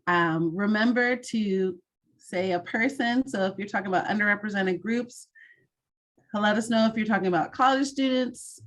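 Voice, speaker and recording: A woman hosting an online mentoring session over a video call, giving clear, encouraging instructions. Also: mid-range voice.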